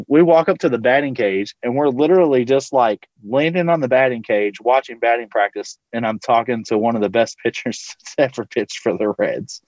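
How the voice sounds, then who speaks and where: A man's voice: medium pitch, a little mellow, no echo. Casting a Louisville man as a podcast guest, a teacher-coach spinning a loose, rambling anecdote full of fillers. Muffled, dry recording. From Louisville, Kentucky. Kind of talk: casual storytelling.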